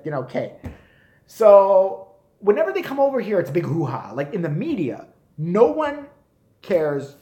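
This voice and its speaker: A man in his forties with an American accent, ranting crudely and laughing on a casual live stream. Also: high voice. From United States. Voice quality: profane, animated, often laughing. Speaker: livestream host. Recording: echoey room.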